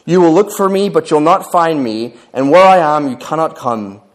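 A man voicing Jesus as a calm, earnest male teacher while reading scripture aloud, in a measured way. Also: a little high, lightly acted. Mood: pleading.

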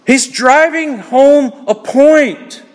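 A man's voice: extremely high pitch, extremely slow, in a large hall. A man preaching an expository sermon, pressing his points with emphatic repetition and rhetorical questions to the congregation. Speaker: pastor.

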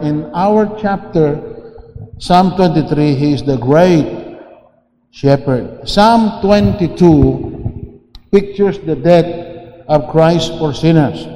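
A man preaching a sermon slowly, often restarting and repeating phrases, heard in an echoey hall. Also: a little high, mellow, a little hiss or hum. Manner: slow, repetitive, with many restarts and fillers. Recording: echoey hall with long reverb.

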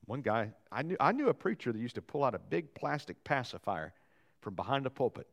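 Animated man preaching a sermon. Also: mid-range voice, a little fast. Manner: animated preaching, swinging from loud to quiet; folksy, joking asides to the congregation. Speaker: pastor. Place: church sanctuary.

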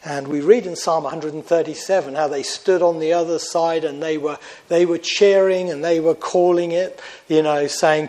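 Male preacher, earnest and conversational, slightly high voice, shifts volume for emphasis. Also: steady tone, normal speed, a little mellow, low-quality recording. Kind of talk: sermon.

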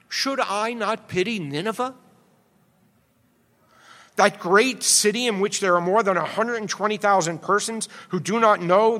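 A man's voice: high-pitched, bright, forceful tone, in a large hall. A man preaching an expository sermon, earnest and rising to emphatic exhortation.

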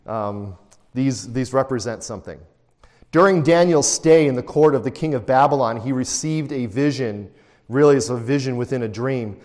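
A man's voice: mid-range voice, normal speed, a little mellow, in a large hall. A man teaching a Bible study lecture in a conversational way, often putting rhetorical questions to his listeners.

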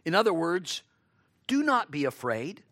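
Male preacher, sermon, animated pitch, dry sound, rhetorical questions. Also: unhurried, no room sound. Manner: expressive, acts out quoted lines.

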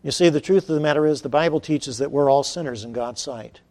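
Male preacher, fairly high voice, animated storyteller who shouts the key moments. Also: quick pace. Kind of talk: sermon.

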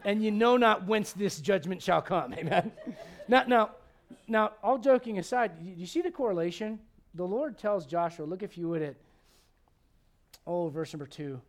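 A pastor with a notably high voice delivers a sermon in a loose, conversational style at a moderate pace. He's humorous and keeps putting questions to the congregation, swinging from forceful, loud emphasis to quiet, almost muttered asides.

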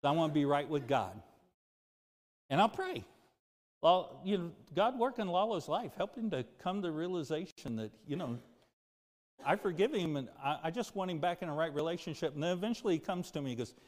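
A man's voice: lively intonation, fairly quick. Man preaching in a reverberant church. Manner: swings from loud emphatic preaching to low quiet confession. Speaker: pastor. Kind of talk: sermon. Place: church sanctuary. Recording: music and long reverb of a church hall.

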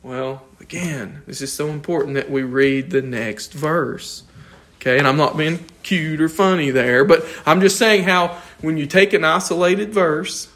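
A man teaching an informal Bible study, lively and questioning, often chuckling as he explains the text. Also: a little high, unhurried.

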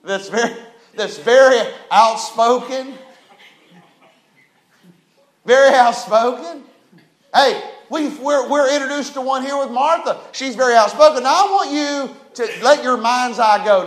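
A very high-voiced man preaching with folksy emphasis. His voice swells into shouts and rings through an echoey church room. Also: a little slow. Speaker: pastor. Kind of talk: sermon.

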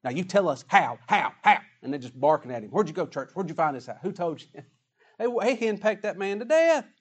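A man preaching a sermon emphatically, swinging between loud declarations and hushed asides. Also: high-pitched, big pitch swings, a little fast, husky.

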